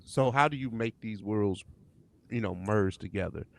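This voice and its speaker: A man's voice: fairly low pitch, normal speed, gravelly. A man hosting a podcast in casual chat, laid-back and laughing often. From St. Louis area. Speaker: podcast host.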